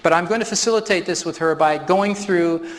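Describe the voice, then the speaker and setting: A man runs a live workshop demonstration on stage, explaining every step in a slightly high voice. He chuckles often as he talks. His voice rings with the long reverb of a large hall. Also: fairly quick. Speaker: workshop presenter.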